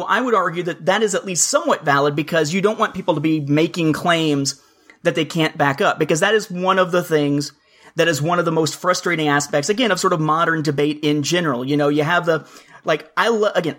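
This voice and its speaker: A man's voice: on the high side, a bit bright. A talkative man on a podcast, going into long explanations. He likes to mimic the lines he quotes, hamming up their delivery. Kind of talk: casual chat.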